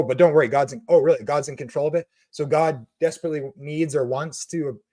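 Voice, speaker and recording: A man's voice: fairly high pitch, a little mellow. A man hosting a Christian video, ranting with passion and sarcasm about theology, then reading comments.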